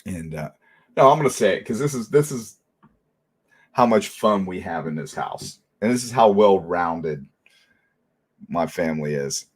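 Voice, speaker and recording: A middle-aged man hosting a casual livestream, telling animated stories and laughing often. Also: low-pitched, measured pace, long pauses, breathy edge. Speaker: livestream host.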